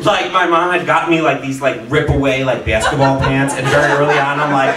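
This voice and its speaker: A man's voice: mid-range voice, steady tone, fairly quick, a loud crowd. A man doing a stand-up comedy set, telling a rambling story full of fillers and laughs. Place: small comedy venue with a live audience. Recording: echoey room heard from far off, audience noise. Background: audience laughter.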